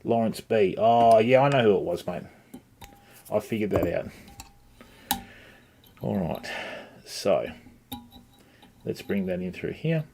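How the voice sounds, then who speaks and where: A man's voice: fairly low pitch, lively intonation, slow, creaky, pauses often, dark tone, a little hiss or hum. A middle-aged man, hosting a casual live-stream tutorial on tying flies and chatting with viewers as he works. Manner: chatty, greets viewers by name, lots of "mate" and "okay". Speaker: livestream host teaching fly tying.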